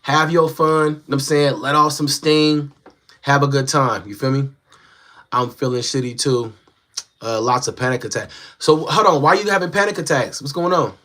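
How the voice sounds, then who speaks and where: A man's voice: mid-range voice, normal speed, a bit bright. Laid-back young man chatting on a live stream. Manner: laid-back, slangy, talks straight to viewers. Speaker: livestreamer reading viewer comments. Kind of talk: casual live-stream chat. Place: small home room he built as a live-stream set. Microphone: phone.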